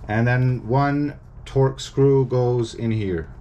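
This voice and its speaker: A man's voice: mid-range voice, fairly even intonation, takes it slowly, lo-fi sound, slight background noise. Casual man giving repair instructions. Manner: casual, instructive, emphatic about warnings. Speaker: repair technician. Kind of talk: step-by-step repair tutorial.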